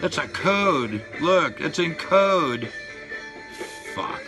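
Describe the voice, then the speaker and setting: A man in his sixties ranting and swearing at his viewers, loud one moment and muttering low the next. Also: very animated, extremely slow. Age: 60s. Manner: fired-up, profane, swings between shouting and low mutters. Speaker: vlogger. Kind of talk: profane rant to camera. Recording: music playing behind the voice.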